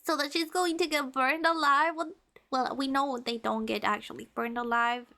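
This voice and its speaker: A woman's voice: high-pitched, fairly even intonation, normal speed, sharp tone. A young adult woman streaming a story game, chatting playfully and dramatically with her viewers. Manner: playful, dramatic, teasing with chat.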